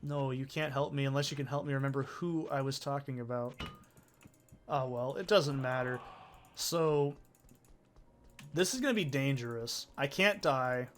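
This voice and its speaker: A man's voice: mid-range voice, normal speed, long pauses, a little hiss or hum. A man casually commenting while he plays a video game, rambling from topic to topic and swearing freely. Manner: rambling, profane, chatty. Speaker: let's play host.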